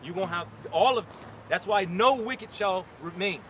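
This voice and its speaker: Emphatic high-voiced man street preaching. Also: normal speed, fairly bright tone, a little hiss or hum. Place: outdoors on a city street with traffic.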